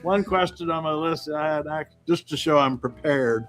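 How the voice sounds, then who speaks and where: A man in his sixties hosting a casual interview, chatty and quick to laugh. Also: a little high, a bit bright, faint music behind. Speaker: host.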